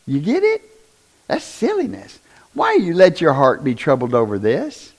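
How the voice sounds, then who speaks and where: A man preaching a conversational sermon, often asking the congregation questions and rising to loud, emphatic bursts. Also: fairly high pitch, huge pitch swings, measured pace, creaky. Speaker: pastor.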